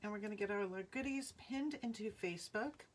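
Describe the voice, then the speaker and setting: A woman's voice: medium pitch, quick pace. A woman with a Rhode Island accent hosting a live jewelry sale from home, chatty, greeting viewers by name and laughing often. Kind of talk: casual live-stream selling chat.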